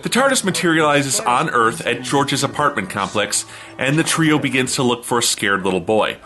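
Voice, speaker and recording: A man hosting a comedy review show, giving a snarky, deadpan recap narration. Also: mid-range voice, normal speed, faint music behind.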